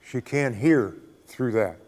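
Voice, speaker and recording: An older man giving a spiritual talk as a guest speaker, a folksy, unhurried storyteller who often chuckles. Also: medium pitch, animated, a little mellow. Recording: long reverb of a hall.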